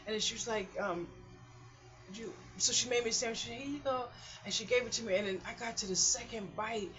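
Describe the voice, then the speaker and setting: A middle-aged woman with a drawl chats away in a rambling, animated vlog at home. Her voice is bright and forceful. The recording is dull and lo-fi. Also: on the high side, fairly quick. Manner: rambling and chatty, animated storytelling with laughs. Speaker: vlogger. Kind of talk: casual chat. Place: hot apartment room at home.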